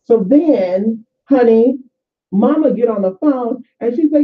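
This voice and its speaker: A woman's voice: a little high, lively intonation, a little slow. Profane chatty woman on a tinny recording. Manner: profane, chatty, addresses viewers as y'all. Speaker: spiritual vlogger. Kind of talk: casual spiritual advice and storytelling. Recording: tinny phone-like sound.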